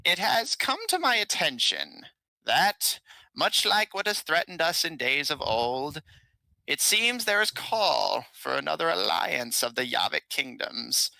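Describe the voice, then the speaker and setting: A man's voice: a little high, big pitch swings, a little slow, creaky, sharp tone, no room sound, pitched above the performer's own voice, full character voice, rough recording. A man doing a frail old bandit king. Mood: proclaiming. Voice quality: thin, frail little voice.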